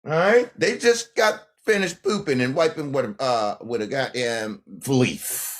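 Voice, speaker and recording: A man's voice: mid-range voice, a little slow, fairly bright tone. A man hosting a casual livestream, talking brashly in slang and laughing often. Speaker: livestream host.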